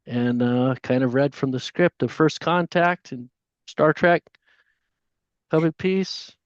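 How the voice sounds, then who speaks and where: A man tells a story as a podcast guest and acts out each person in it with lively energy. His voice sits at a middling pitch. The recording is muffled and lo-fi, with a dry, close sound. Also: no room sound. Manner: animated storyteller, voices the people in his stories. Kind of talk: casual storytelling. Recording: dull, dry lo-fi audio.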